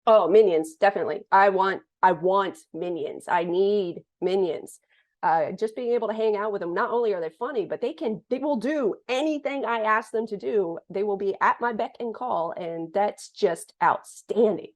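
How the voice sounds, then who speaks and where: A woman's voice: mid-range voice, normal speed, hardly any pauses, highs cut off. A woman in her forties from the United States, a thriller author who answers interview questions in a casual, joking, self-deprecating way.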